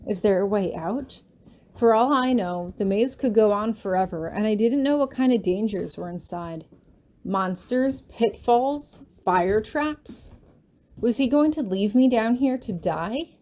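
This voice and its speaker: A woman reading a fan-written story aloud in the first person, steady and even with quiet tension. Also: mid-range voice, a little slow. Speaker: fanfiction reader. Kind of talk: first-person audiobook narration.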